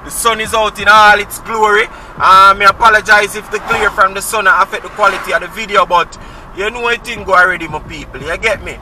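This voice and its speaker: A man's voice: sits high, steady tone, a little fast, recorded from a distance, noisy background. A Jamaican man chatting casually to viewers while driving on country roads, repeating friendly catchphrases. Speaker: driving vlogger. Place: inside a car on country roads.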